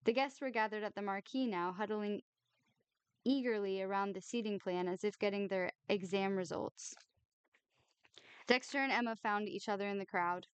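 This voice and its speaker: A woman reading a novel aloud in a measured, expressive narration. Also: medium pitch, clear, resonant tone, dry recording.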